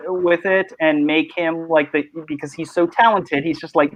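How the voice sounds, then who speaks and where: A man hosting a casual online panel chat, talking in animated, rambling bursts. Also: on the high side, moderate pace, few pauses. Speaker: host. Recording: muffled lo-fi mic.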